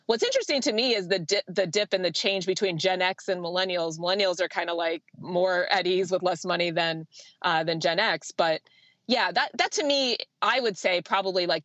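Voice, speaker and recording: A woman in her thirties, an economist guest, explaining her view in a measured, thoughtful way. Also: lowish voice, fairly bright tone, no room sound, highs cut off. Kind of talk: talk show interview.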